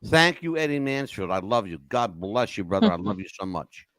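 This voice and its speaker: An older man hosting a podcast, telling animated stories in an emphatic way and checking in with "okay?" as he goes. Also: lowish voice, normal speed, no room sound. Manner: emphatic, keeps asking "okay?". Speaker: podcast host. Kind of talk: animated storytelling chat.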